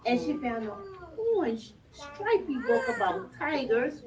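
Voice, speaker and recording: A woman librarian reading a picture book aloud to small children in an animated, sing-song way, recorded in a library. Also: sits high, a little slow, crowd noise. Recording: distant, dull lo-fi sound.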